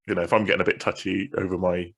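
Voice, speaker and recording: A man's voice: low-pitched, flat delivery, very fast, creaky, breathy edge. A man co-hosting a casual podcast, blunt, sweary and drily teasing. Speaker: podcast co-host.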